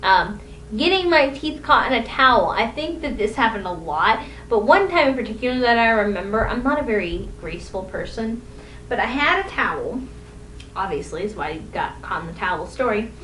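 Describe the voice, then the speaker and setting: A woman's voice: big pitch swings, normal speed, a bit bright. A young woman telling rambling, self-deprecating stories from her own life in a casual vlog. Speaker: vlogger. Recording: echoey room, distant mic, faint rumble.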